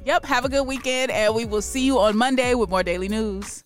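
A woman co-hosting a daily hip-hop news podcast, chatting casually in a relaxed, slangy way. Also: on the high side, fairly quick, over loud music. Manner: relaxed, laughs easily, slangy. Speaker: podcast co-host.

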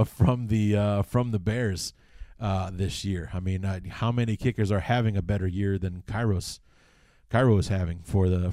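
Low, mellow-voiced man rambling about football. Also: dry recording, clean studio sound. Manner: rambling, many fillers and restarts. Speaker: podcast host. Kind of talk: casual sports podcast commentary.

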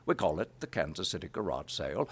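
A man's voice: low-pitched, sing-song, quick pace, creaky, slightly rough, pitched below the performer's own voice, exaggerated voice. A man voicing an elderly New England announcer reading a radio ad. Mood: folksy. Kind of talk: radio ad read.

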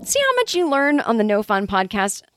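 A woman's voice: fairly high pitch, huge pitch swings, moderate pace, a bit bright, dry recording, studio quality. A woman hosting a comedy podcast, reading news items and breaking off into wry, sarcastic asides. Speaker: podcast host. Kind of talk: casual comedic news chat.

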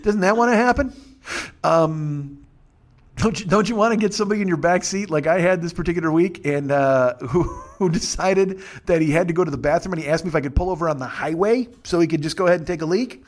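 A man hosting a casual podcast, ranting and swearing with sarcasm and mocking little impressions of other people. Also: fairly high pitch. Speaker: podcast host.

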